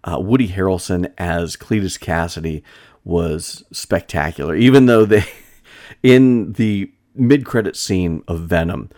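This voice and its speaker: A man with a very low voice talks through a movie review in a loose, unscripted way. He rambles, stops to restart his sentences and leans on fillers as he gathers his thoughts. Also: a little slow, darkish tone. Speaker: shop-themed movie reviewer. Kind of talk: casual film review monologue.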